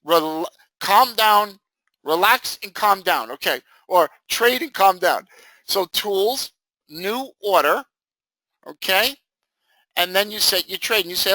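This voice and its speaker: A man teaching a live trading software session, talking casually and acting out his students' reactions with jokes. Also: high voice, takes it slowly, no echo, low-quality recording. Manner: animated, jokey, acts out students' reactions. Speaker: trading instructor. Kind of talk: live screen-share training session.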